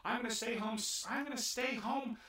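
A man voicing a bratty, demanding rich teenage girl in a shrill falsetto. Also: steady tone, brisk, bright, forceful tone. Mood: whiny. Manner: whiny, demanding. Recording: roomy echo, far from mic.

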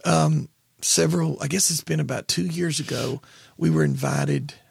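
A man co-hosting a podcast in casual chat, telling family stories and jumping high in pitch when he quotes himself. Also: moderate pace, vocal fry, breathy edge, dry recording. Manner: animated storyteller, jumps high when quoting himself. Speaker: podcast co-host, pastor.

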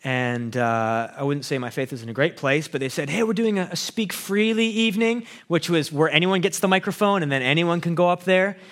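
A man's voice: fairly high pitch, a little fast, hardly any pauses, fairly bright tone. Earnest young man sharing testimony. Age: young adult. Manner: earnest, conversational, self-deprecating, with frequent fillers and restarts. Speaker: pastoral student sharing testimony. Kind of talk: personal testimony talk.

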